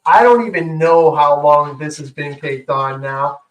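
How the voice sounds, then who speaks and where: An enthusiastic man talks his way through a hands-on demo, full of fillers and chatty asides. His voice sits a little high and comes from some distance off the mic, with a noticeable room echo around it. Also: measured pace. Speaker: co-host. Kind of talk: casual show-and-tell demo. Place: indoor workshop room. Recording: roomy echo, far from mic.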